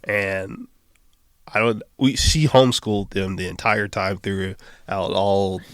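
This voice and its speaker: Guy in his 30s on a podcast, kinda low voice, dry sound, laughs a lot telling stories. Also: fairly even intonation, takes it slowly, a bit bright, dry recording. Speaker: podcast guest. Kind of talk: casual chat.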